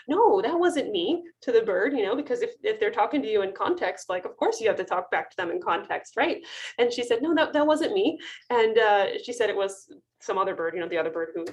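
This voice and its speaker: A woman veterinarian in her thirties talks through a webinar from a video call. She tells clinic stories in a loose, chatty way, laughing often and restarting her sentences. Her voice sits in a middle pitch. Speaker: avian veterinarian. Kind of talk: webinar talk, casual storytelling.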